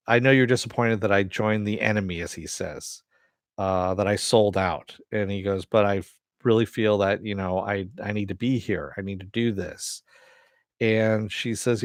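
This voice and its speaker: A man's voice: fairly low pitch, no echo, clean studio sound. A man recapping and reviewing a TV episode in a casual, rambling way, full of fillers, restarts and offhand swearing.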